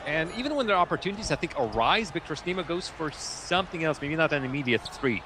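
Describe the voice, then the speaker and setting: A man's voice: a little high, expressive, quick pace, background noise. A man giving live color commentary on an esports basketball game, laid-back and playful.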